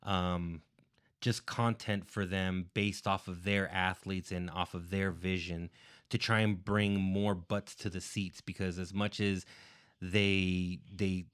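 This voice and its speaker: Deep, smooth-voiced man talking earnestly. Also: flat delivery, slow pace, fairly bright tone, no echo, clean studio sound. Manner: earnest, explains at length with fillers. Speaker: podcast guest. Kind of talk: casual podcast chat.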